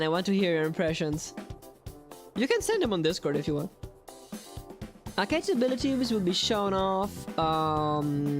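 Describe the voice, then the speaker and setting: A woman chats playfully with viewers while streaming a game, laughing often. Her voice sits a little low but moves all over the place with animated swings. Faint music plays behind her. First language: Italian. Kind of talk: casual live-stream chat.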